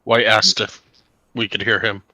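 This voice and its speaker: A man narrating as game master of a tabletop game, unhurried and halting with many fillers. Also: on the low side, little pitch movement, sharp tone, no echo.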